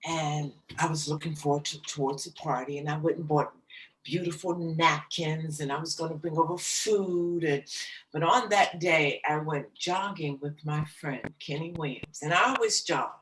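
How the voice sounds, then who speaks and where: A middle-aged woman, a jazz singer as guest, slowly and emotionally telling a personal story in an interview. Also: deep voice, reverberant, far from the mic, low-quality recording. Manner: slow, soft, emotional recounting. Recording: voice slightly off-mic, faint background noise.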